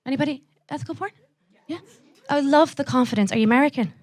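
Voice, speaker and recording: A young Irish woman doing a live stand-up set, brash and profane, throwing quick asides to the audience. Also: high-pitched. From Ireland. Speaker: stand-up comedian.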